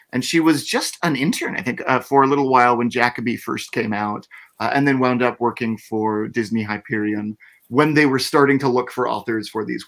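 A man's voice: medium pitch, a bit bright. A man talking as an author guest in a casual interview, chatty, with many fillers and restarts.

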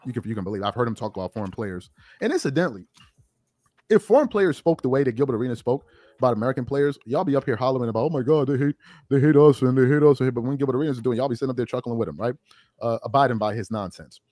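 Man, mid pitch, animated, blunt, mocking, joking insults, opinion commentary, dry close sound. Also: racing, no room sound. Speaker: online commentator.

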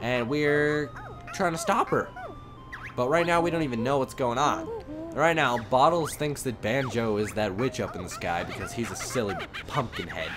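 A man hosting a let's play, commentating in an energetic, rambling, laughing way. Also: mid-range voice, normal speed, music in the background. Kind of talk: game commentary.

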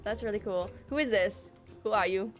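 A young woman hosting her gaming video, chatting excitedly and playfully accusing other players as she plays. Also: mid-range voice, moderate pace, music in the background. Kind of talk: casual excited game commentary.

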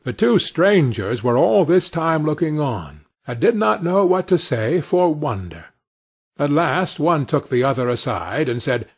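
A man reading a fairy tale aloud as storybook narration for English learners, expressive and clear in delivery. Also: on the high side, unhurried.

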